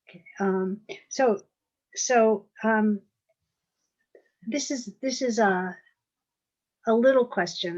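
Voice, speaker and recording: Halting woman moderator, lo-fi audio. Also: medium pitch. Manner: halting, with many fillers. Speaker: event moderator. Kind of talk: moderating an author Q&A.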